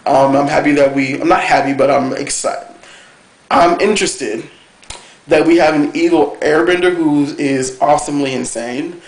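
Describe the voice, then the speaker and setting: A man reviewing a cartoon episode on camera, talking in a gushing, excitable way with plenty of fillers. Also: on the high side, moderate pace. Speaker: TV review vlogger. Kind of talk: casual chat review. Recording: echoey room.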